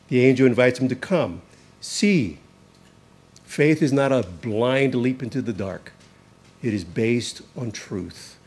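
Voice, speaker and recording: A male pastor delivering a sermon at an unhurried, measured pace. His voice sits at a middle pitch and lifts with emphasis when he reads scripture. He lingers on single words to drive each point home. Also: animated, a little mellow, breathy edge. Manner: slow, deliberate preaching with emphatic rises on scripture quotes.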